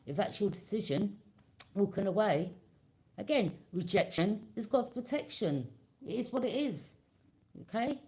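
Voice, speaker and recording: A woman of middle pitch reads tarot cards for her viewers in a loose, talkative way. She keeps checking in with her listeners and slips into quoted reactions without changing her voice. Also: animated, unhurried. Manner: conversational, keeps checking in with "okay?". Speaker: tarot reader.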